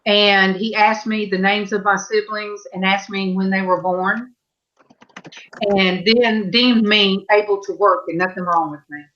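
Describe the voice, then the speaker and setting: A woman hosting a live-stream panel, telling stories in a slow, halting, meandering way over a video call. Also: medium pitch, steady tone, fairly bright tone, muffled recording. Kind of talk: casual chat on a live stream.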